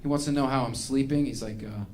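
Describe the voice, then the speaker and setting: A man's voice: medium pitch, fairly even intonation, fast, darkish tone. A man doing a stand-up comedy routine, ranting in an exasperated, self-mocking way.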